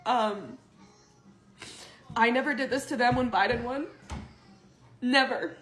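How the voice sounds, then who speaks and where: A woman's voice: a little high, takes it slowly, a bit bright, reverberant, faint music behind. A woman making an emotional video post, fighting back tears. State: near tears.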